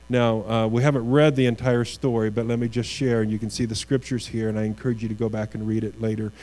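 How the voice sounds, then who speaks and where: A man preaching a sermon in a warm, mellow voice, earnest and a little halting, repeating words as he builds to key lines. A low mains hum runs under the recording. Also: little pitch movement, low-quality recording. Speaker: pastor.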